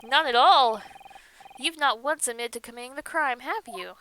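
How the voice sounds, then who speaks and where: A woman's voice: high voice, normal speed, fairly bright tone, a little hiss or hum. A woman voicing an earnest young male law student who speaks sincerely and reassuringly. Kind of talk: game dialogue read aloud.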